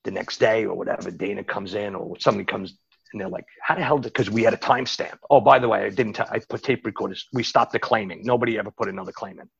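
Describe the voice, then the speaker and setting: A man's voice: lowish voice, fairly even intonation, fast, creaky, husky, muffled recording. A man telling stories as an interview guest, rambling casually with many restarts and asides. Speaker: interview guest recounting his bookmaking days. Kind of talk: casual storytelling.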